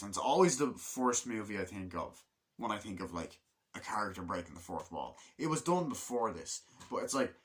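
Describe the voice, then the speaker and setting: A man with a fairly low voice talks through a film in a loose, unscripted review. He rambles from scene to scene, swears constantly and slips into playing out the moments he describes. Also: fairly bright tone. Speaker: movie reviewer. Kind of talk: casual movie review.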